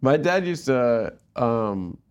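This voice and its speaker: A man's voice: medium pitch, very animated, slow pace, smooth, dull audio. A man co-hosting a podcast, laid-back in casual comedy chat, chiming in with short jokes and agreement. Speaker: podcast co-host.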